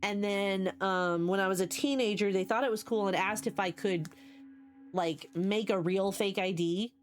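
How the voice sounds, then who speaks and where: A chatty woman in her forties streams from home and talks straight to her viewers. Her voice sits at an everyday middle pitch. She drifts from one long story to the next and stops to greet people in chat. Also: moderate pace. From United States. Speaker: livestreamer.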